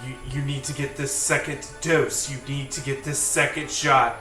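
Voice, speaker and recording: A man's voice: mid-range voice, flat delivery, normal speed, pushed and bright, soft background music, natural voice. A man voicing a female elf doctor who coaxes a patient to get his second shot. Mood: coaxing. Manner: coaxing, mildly teasing. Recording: echoey, distant mic.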